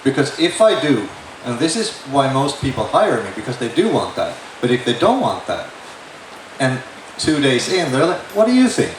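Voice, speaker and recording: A middle-aged man, a record producer, talks on a panel in a blunt, opinionated way with dry humor. His voice sits at an ordinary pitch and comes across roomy and echoing. He is picked up from a distance, with faint noise behind him. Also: big pitch swings, moderate pace. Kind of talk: panel discussion. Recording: echoey room, distant mic, faint noise.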